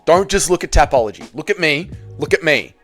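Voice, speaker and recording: Male vlogger, lively swinging delivery, faint music underneath, casual profane recap. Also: fairly high pitch, fairly quick. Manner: blunt, profane, animated ranting. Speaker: MMA commentary channel host. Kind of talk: casual opinionated fight recap.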